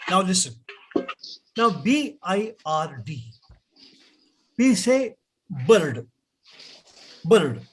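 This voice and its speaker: In an online class, a man with an Indian English accent teaches pronunciation slowly and patiently, repeating words for students to echo. His voice sits high and has big pitch swings.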